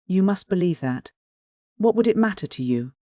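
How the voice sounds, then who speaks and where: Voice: medium pitch, normal speed, no room sound, studio quality, close to an everyday voice. A reader voicing an anguished, tormented young man. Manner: pleading, despairing dialogue. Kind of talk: audiobook character dialogue.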